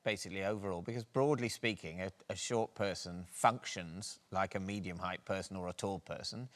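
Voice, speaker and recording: A man's voice: sits low, a little fast, fairly bright tone. A man panellist on a comedy quiz show, working through his reasoning aloud in a wordy way.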